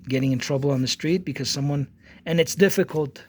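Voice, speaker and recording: A man's voice: on the high side, brisk, a little hiss or hum. A man in his forties, an artist talking casually to his channel, rambling with many restarts and acting out both sides of an argument as he tells a story. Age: 40s. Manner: rambling, with frequent restarts and repeated words. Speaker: artist vlogger. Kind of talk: casual monologue.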